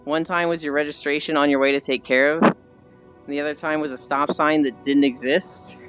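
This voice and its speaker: A young adult streamer chatting casually with viewers, telling animated stories and swearing freely. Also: mid-range voice, fairly quick. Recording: slightly dull stream audio with faint music.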